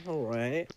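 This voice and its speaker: A young man streaming a game, chatting and reacting with sudden loud yelps. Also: mid-range voice, vocal fry, background noise. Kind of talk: casual gameplay commentary. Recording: game music playing behind.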